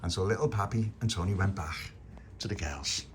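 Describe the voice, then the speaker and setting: A man's voice: sits low, brisk, slight background noise. Casual male storyteller, improvised toy tale, chuckly, restarts.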